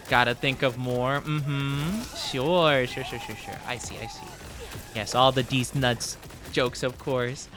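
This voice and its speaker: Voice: medium pitch, animated, slow pace, background noise. A streamer giving casual, chatty commentary while playing a game, often laughing and greeting chat at a desk microphone. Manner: chatty, giggly, talks to chat.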